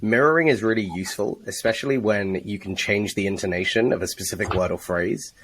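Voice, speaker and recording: A man's voice: fairly low pitch, brisk, fairly bright tone, poor audio. A man co-hosting a casual sales chat, explaining techniques with blunt, profane emphasis. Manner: profane, emphatic, teaching with examples. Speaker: sales trainer, co-host.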